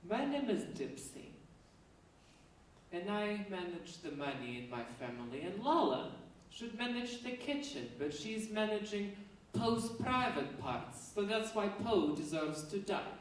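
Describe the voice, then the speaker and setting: A woman voicing a cold, controlling male cartoon toddler creature in a flat, matter-of-fact tone, recorded in an echoey theatre from a distance. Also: mid-range voice, measured pace, slight background noise. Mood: coldly menacing. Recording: echoey theatre, mic far off.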